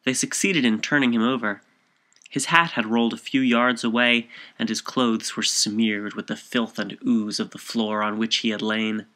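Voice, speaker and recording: A man reading a short story aloud as narrator in a measured, composed way. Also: fairly low pitch, sharp tone.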